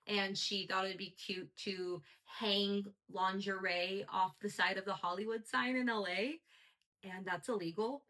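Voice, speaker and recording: A woman's voice: mid-range voice, pushed and bright, low-quality recording. A woman hosting a solo podcast, talking in a chatty, gossipy way with lots of "like.". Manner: chatty, gossipy, heavy use of "like". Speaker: podcast host. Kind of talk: casual solo podcast chat.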